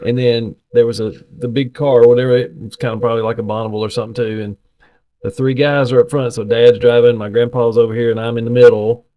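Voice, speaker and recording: Middle-aged man, podcast co-host, folksy and animated storyteller, mid-pitched voice. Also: fast. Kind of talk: casual chat.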